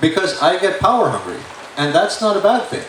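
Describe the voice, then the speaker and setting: A man's voice: sits high, huge pitch swings, a little fast, a bit bright. A middle-aged male record producer speaking frankly and bluntly with dry humor in a panel discussion. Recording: echoey room, distant mic, faint noise.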